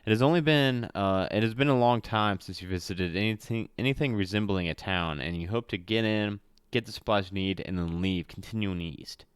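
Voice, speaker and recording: A man's voice: on the low side, brisk, hardly any pauses, smooth, no room sound, studio quality. A man reading a solo adventure aloud as game master. He stumbles and corrects himself often and drops in chatty asides. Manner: reads with slips and self-corrections, chatty asides.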